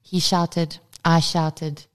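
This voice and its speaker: A woman's voice: low voice, flat delivery, extremely slow. A woman, co-hosting a casual parenting podcast and talking candidly, swearing freely. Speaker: podcast co-host. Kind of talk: casual chat.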